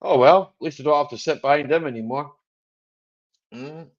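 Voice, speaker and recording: A man's voice: on the high side, normal speed, muffled recording. A man hosting a casual live chat stream, jokey and rambling, chuckling often.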